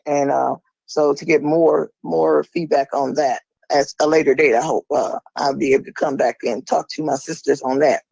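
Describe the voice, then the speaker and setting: A middle-aged woman calling in and speaking in a forceful, emphatic, preachy way. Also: low voice, fairly even intonation, normal speed, vocal fry, few pauses, husky, no room sound, poor audio. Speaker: caller. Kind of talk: impassioned monologue.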